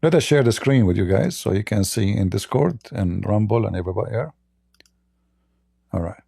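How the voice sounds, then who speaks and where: Gravelly-voiced man mocking on a livestream. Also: fairly low pitch, animated, normal speed, warm tone, no echo, studio quality. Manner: blunt, mocking, repetitive restarts. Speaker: livestream host. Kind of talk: livestream monologue.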